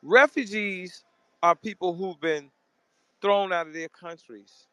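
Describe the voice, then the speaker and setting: A man from Memphis with a slightly raised pitch hosts a heated live audio room. He speaks forcefully and stammers out repeated words as he presses his point. The sound is dry, with no room around it. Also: slow, smooth, no room sound. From Memphis, Tennessee. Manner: forceful, repeats words, cuts in to correct others.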